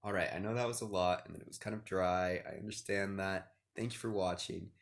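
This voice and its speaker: A deep-voiced man teaches poetry in a relaxed video lesson. He counts syllables aloud and reads verse slowly. His voice rings in a roomy echo. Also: creaky.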